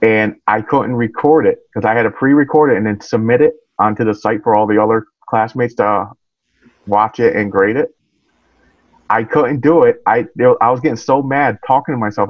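A man's voice: medium pitch, steady tone, fairly quick, no room sound, muffled recording. A man who is a guest on a podcast, chatting casually in a plain, somewhat hesitant way.

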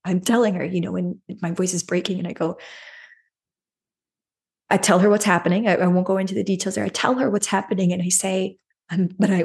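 Telling a personal story on her podcast, a woman gives earnest self-help advice, repeats phrases and regularly adds a rhetorical "right?". Her voice is medium-pitched and darkish, with a breathy edge.

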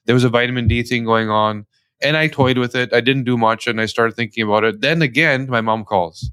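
A man from Canada, a guest, telling a family story in lively conversational style with quoted dialogue. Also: medium pitch, brisk, clean tone, dry recording, clean studio sound. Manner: animated, tells stories with quoted dialogue. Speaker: guest, company founder.

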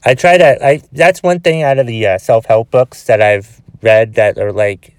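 A man's voice: mid-range voice, moderate pace, hardly any pauses, smooth, dry recording. A man with a cold hosting a solo podcast, frustrated and swearing heavily as he rambles with restarts. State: has a cold with a cough. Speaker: podcast host.

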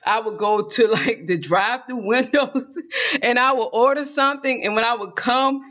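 High-voiced man with a Georgia drawl. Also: normal speed, bright, forceful tone. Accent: Southern US, Georgia. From South Georgia, US. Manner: rambling, laughs often. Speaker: vlogger. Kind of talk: casual chatty monologue.

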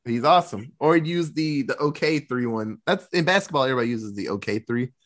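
A man hosting a podcast, casually recapping a film with lots of fillers and quick asides. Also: mid-range voice, expressive. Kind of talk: casual movie recap chat.

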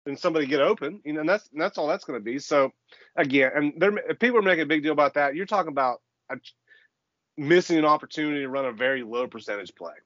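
Male co-host, slightly high voice, measured analytical sports chat, dry, muffled recording. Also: fairly bright tone, no room sound. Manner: measured, reasoning through points, casual profanity. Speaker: podcast co-host.

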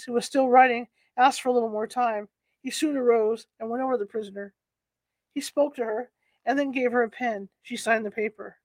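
A woman's voice: on the high side, a little mellow, no room sound. A woman reading a historical courtroom account aloud, stumbling over words and correcting herself as she goes. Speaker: narrator.

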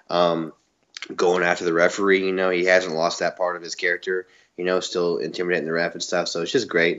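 A man's voice: deep voice, a bit bright, lo-fi sound. A man from the US South co-hosting a podcast, chatting casually and laughing often. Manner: laid-back, laughs often, says "man" and "you know". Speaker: podcast co-host. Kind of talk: casual chat recapping wrestling.

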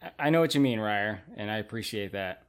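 A man's voice: lowish voice, lively intonation, fairly quick, clean tone. Casual, profane man chatting on a podcast. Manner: loose, profane, laughs often. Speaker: podcast host. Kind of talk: casual chat.

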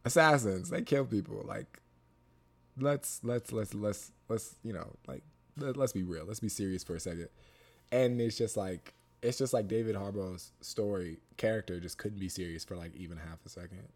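A man with a fairly low voice talks through a movie review in a loose, chatty way. He piles up fillers and restarts, then repeats short phrases for emphasis. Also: moderate pace. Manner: rambling, lots of fillers and restarts; emphatic, repeats himself for stress. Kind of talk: casual spoken film review.

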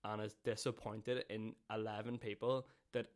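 A man with a fairly low voice chats loosely on a podcast. He rambles, restarts and swears freely. He pokes fun at himself. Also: level tone, normal speed. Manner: swears a lot, rambling and self-mocking. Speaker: podcast co-host. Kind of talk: casual chat.

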